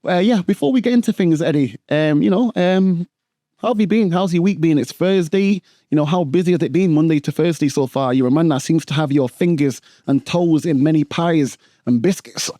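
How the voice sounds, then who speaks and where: A man hosting a podcast, introducing his guest and asking questions in a relaxed way with fillers. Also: a little high, fairly quick, no room sound, studio quality. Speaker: podcast host. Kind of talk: casual podcast interview.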